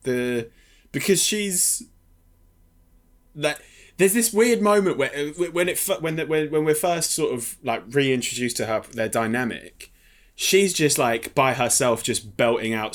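A man co-hosting a casual film podcast, retelling scenes with halting restarts and frequent laughter. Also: medium pitch, fairly bright tone. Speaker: podcast co-host. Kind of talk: casual film-review chat.

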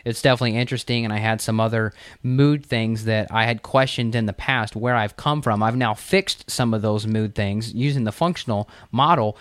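A man's voice: lowish voice, normal speed, few pauses, no echo, clean studio sound. A man co-hosting a health podcast, chatting casually and sharing personal anecdotes. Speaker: podcast co-host.

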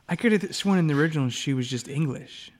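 A man's voice: fairly high pitch, expressive, normal speed. A man co-hosting a podcast in casual chat, hedging often and trailing off mid-thought. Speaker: podcast co-host.

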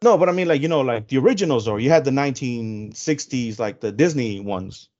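A man's voice: mid-range voice, lively intonation, fairly quick, darkish tone. Male, 30s, podcast co-host, casual and jokey, dull lo-fi recording. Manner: chatty, laughs easily, drops in Spanish slang. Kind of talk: casual chat.

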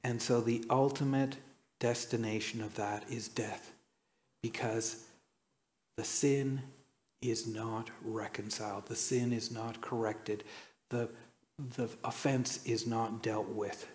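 Slow, measured male preacher. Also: steady tone, a little mellow. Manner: storytelling, acts out quotes with dramatic pitch jumps. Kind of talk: sermon.

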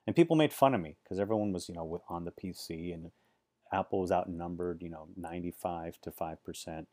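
A man's voice: low-pitched, a little fast, warm tone. A man, giving chatty, sarcastic vlog commentary full of rambling asides. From Silicon Valley, USA. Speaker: vlogger.

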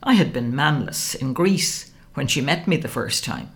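A woman reading a first-person novel aloud, wry and expressive. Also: rumbling low, normal speed. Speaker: audiobook narrator.

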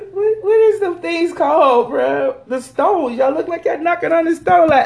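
A woman's voice: very high voice, unhurried, gravelly, hardly any pauses, a little mellow. A woman hosting a casual solo podcast, talking in slang, teasing her listeners and laughing often. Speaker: podcast host.

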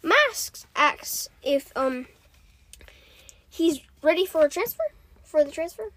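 A woman's voice: very high-pitched, animated, slow pace, fairly bright tone, no room sound. A woman co-hosting a podcast, chatty and giggly, recapping with lots of fillers. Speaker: podcast co-host.

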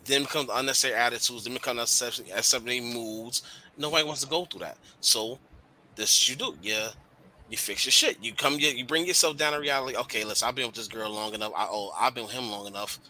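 Young guy on a podcast, very bright voice, blunt and slangy, cusses a lot, gets real animated. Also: medium pitch, quick pace, slight background noise. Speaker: podcast host. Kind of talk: casual podcast venting.

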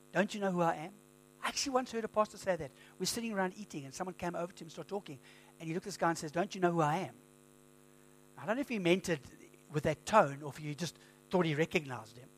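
A man preaching a sermon as pastor, in a conversational storytelling manner with lively quoted asides. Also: fairly high pitch. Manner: conversational storytelling, animated quoting.

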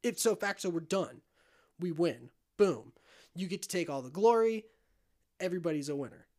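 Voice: lively intonation, normal speed, darkish tone, lightly acted. A podcaster voicing a swaggering male pirate captain who lays out a scheme in laid-back slang. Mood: scheming. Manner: laid-back persuasive pitch, casual slang.

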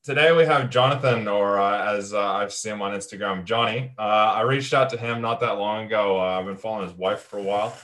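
Halting man hosting a podcast. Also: fairly low pitch, fairly bright tone. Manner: hesitant, many fillers and restarts. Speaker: podcast host. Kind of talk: casual podcast interview.

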